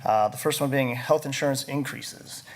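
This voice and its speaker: A male teacher steps up to speak at a school board meeting. He talks in a conversational way with some fillers, at a middle pitch, and faint noise sits behind him. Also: normal speed. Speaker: teacher and union co-president. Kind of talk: public comment.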